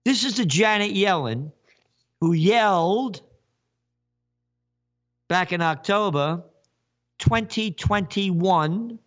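Sarcastic man in a lively rant. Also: high-pitched, slow pace, long pauses, highs cut off. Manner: sarcastic, mocking, wordplay. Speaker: host. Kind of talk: ranting commentary.

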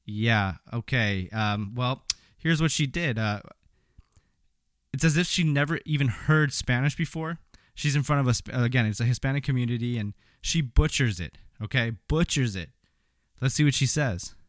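A man's voice: medium pitch, normal speed, no room sound, clean studio sound. A man giving opinionated political commentary in a sarcastic, indignant, mocking manner.

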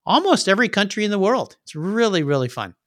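A man's voice: sits high, sing-song, fast talker, a bit bright, dry recording, clean studio sound. A middle-aged man from Southern California, a podcast host being interviewed, telling anecdotes in an upbeat way and acting out voices. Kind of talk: casual interview chat.

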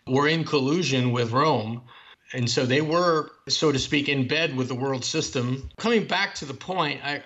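Here a man's fairly high, slightly bright voice carries some vocal fry. He's the guest author in an interview about theology, giving long and earnest explanations of his points.

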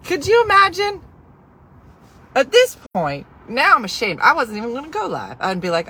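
A woman telling a story on a live stream as a casual rant, exasperated and animated, swinging from quiet asides to loud outbursts. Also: sits high, moderate pace, low-quality recording.

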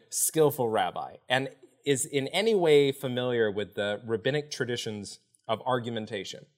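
Animated man explaining scripture. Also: medium pitch. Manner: animated, acts out quoted speakers while explaining. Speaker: podcast guest, author. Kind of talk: explanatory podcast conversation.

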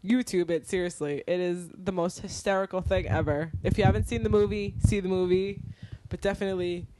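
A woman's voice: fairly low pitch, fairly even intonation, brisk, noisy background. A woman co-hosting a podcast in casual chat, giggly and gushing, swearing freely, close on the mic. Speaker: podcast co-host. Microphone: close studio mic.

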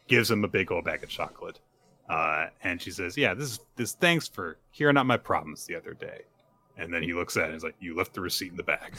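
A man's voice: low voice, pushed and bright. A man co-hosting a podcast, casually recapping manga chapters and acting out the characters' lines. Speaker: podcast co-host.

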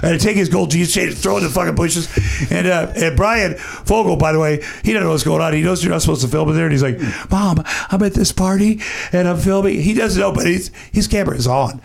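A man telling an animated, profanity-laced anecdote as a podcast guest, acting out what others said. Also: fairly high pitch, fast, vocal fry. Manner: acts out other people's lines. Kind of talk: casual storytelling.

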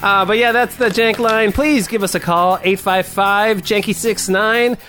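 A man's voice: high voice, steady tone, a little slow, sharp tone, a little hiss or hum. A man hosting a casual podcast, laughing often and rambling with swears and restarts. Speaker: podcast host.

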